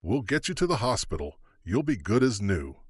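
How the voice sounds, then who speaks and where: A man reading the part of a male court marshal in an audiobook, brisk and helpful. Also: on the low side, sing-song, husky, no echo. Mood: reassuring.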